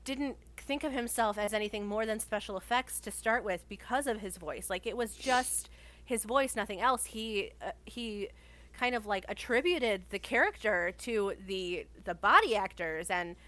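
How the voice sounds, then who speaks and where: A woman's voice: medium pitch, expressive, normal speed, fairly bright tone. A woman in casual conversation, talking enthusiastically and rambling with lots of fillers. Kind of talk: casual chat.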